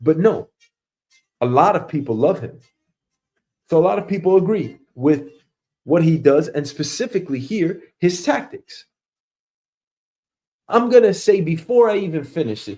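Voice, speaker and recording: A man's voice: a little high, animated, moderate pace, warm tone. A man hosting a casual show, ranting profanely in a mocking way and acting out quoted coworkers. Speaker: host.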